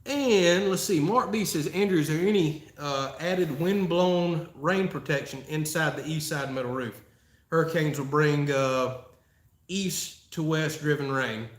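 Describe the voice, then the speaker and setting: A man's voice: on the high side, unhurried. Folksy man, roomy sound. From Florida, USA. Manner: folksy, chatty, laughs often. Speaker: channel host answering live chat. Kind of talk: casual live-stream Q&A. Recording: roomy echo.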